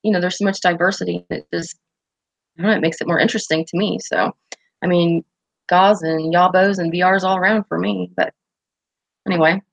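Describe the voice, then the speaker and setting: A woman hosts a relaxed livestream chat and reads out viewer comments as she goes. Her voice sits in a middle pitch and comes through close and dry, with no room sound. She talks loosely, with plenty of "um"s and restarts. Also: brisk, creaky, pauses often, no room sound. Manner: chatty and rambling, with frequent fillers and restarts. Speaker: host of a pipe-smoking chat stream.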